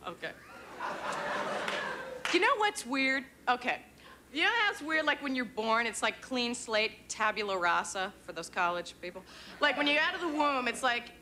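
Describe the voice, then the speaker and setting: A woman in her twenties performing a stand-up set, with sardonic, self-deprecating asides and playful jabs. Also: a little high. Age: 20s. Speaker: stand-up comedian. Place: comedy club stage with live audience. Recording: TV broadcast with crowd laughter and noise. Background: audience laughing.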